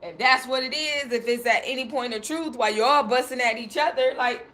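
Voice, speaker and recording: A young woman hosting a livestream talks in a high, bright voice. She tells stories casually, with lots of slang, and laughs as she quotes herself. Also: fairly quick. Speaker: livestream host.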